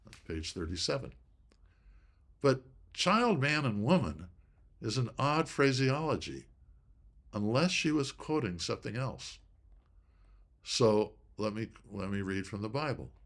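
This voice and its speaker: A man with a somewhat low voice presents an inspirational study talk. He speaks deliberately and leans on key words to make his point. His tone stays measured, like a teacher guiding a class. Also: sing-song, fairly bright tone.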